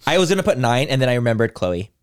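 A man's voice: mid-range voice, very fast, clean tone. A man in a podcast studio playing trivia, his voice leaping wildly up and down as he argues over every point. He is fiercely competitive and curses freely. The sound is dry and close, with no room echo. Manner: competitive, swears a lot, animated. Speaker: podcast co-host. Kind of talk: casual trivia banter.

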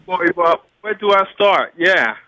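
A man from Liberia, calling in to a radio show and answering in a hesitant, halting, easygoing way. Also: sits high, expressive, a crowd in the background, poor audio. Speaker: caller. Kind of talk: call-in radio chat.

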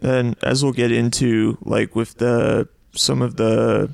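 A man with a strongly gravelly, creaky voice, talking slowly and with care in a casual podcast chat. The mic is close and dry, with no room sound. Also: medium pitch, level tone, a little mellow, dry recording. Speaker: podcast co-host.

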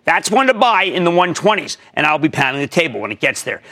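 A man hosting a TV stock market show, giving emphatic commentary and taking calls, jumping from loud high bursts to low asides. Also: big pitch swings, fast. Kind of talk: energetic market commentary and call-in.

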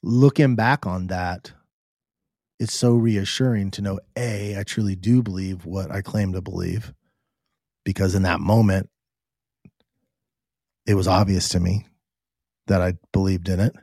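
A middle-aged man hosting a podcast, telling a personal story in an earnest, halting way with frequent restarts. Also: deep voice, fairly even intonation, mellow, no echo, clean studio sound. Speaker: podcast host.

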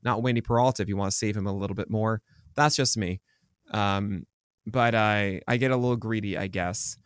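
A man's voice: on the low side, fairly even intonation, fairly quick, clear, resonant tone, no echo, clean studio sound. A man co-hosting a baseball podcast, talking casually and rambling with many ums and restarts. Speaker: podcast co-host. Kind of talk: casual sports chat.

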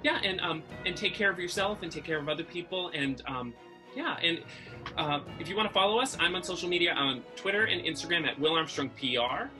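A man's voice: fairly high pitch, expressive, fairly quick, music in the background. A man from Massachusetts with a faint Massachusetts accent, co-hosting a podcast in a chatty, rambling, self-deprecating way. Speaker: podcast co-host. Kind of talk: casual chat.

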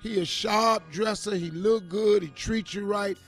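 Tired, joking radio host with a high voice. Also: male voice, steady tone, measured pace, soft background music. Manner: loud, joking, informal Southern Black English phrasing. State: tired from a sleepless night. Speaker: radio co-host giving advice. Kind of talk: casual radio advice banter.

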